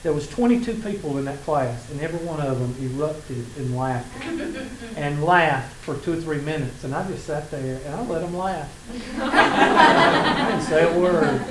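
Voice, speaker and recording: This math instructor, a man with a Southern accent and a fairly high voice, lectures at normal speed in an animated manner, mixing in stories and folksy jokes that tease his college class. His echoey classroom has faint ambience, and a little hiss or hum runs under the recording.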